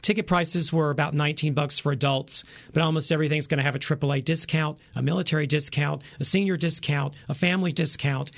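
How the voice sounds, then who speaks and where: A man's voice: fairly high pitch, steady tone, quick pace, vocal fry. A man in his forties, a travel reporter giving tips in a radio interview, eager and full of ums and uhs. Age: 40s. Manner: enthusiastic, many fillers.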